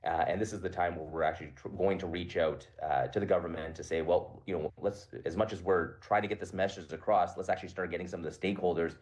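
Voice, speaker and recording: Quick low-voiced man on a video call. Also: steady tone, a little mellow, slight background noise. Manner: quick, earnest, with fillers and restarts. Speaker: physician guest. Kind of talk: remote radio interview.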